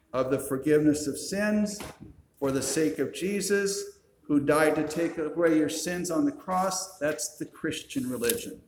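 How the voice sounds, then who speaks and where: Man, pastor, sermon, storytelling with dry asides, reverberant room, faint background noise. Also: on the high side.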